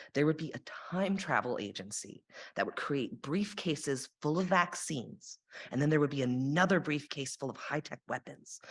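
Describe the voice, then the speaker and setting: A young woman giving a sermon in a church, reflective in tone and dropping dry sarcastic asides. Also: extremely low pitch. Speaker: lay sermon speaker. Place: church sanctuary.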